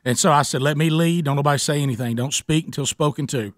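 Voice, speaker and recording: A radio host in his forties tells a comic story on a talk show, animatedly acting out the voices of the people in it. His voice runs high and fast, captured in clean studio sound with no echo.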